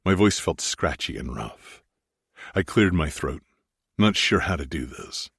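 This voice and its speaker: A man's voice: very deep voice, big pitch swings, a little slow, gravelly, a bit bright, husky, no room sound, clean studio sound. A man narrating a first-person romance audiobook in an intimate, brooding way.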